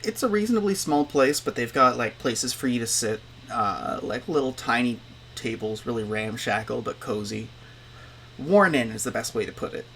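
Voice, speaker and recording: A man's voice: medium pitch, moderate pace, vocal fry, slight background noise. Chatty young man running a tabletop game. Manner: relaxed, chatty narration with frequent "like". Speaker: game master.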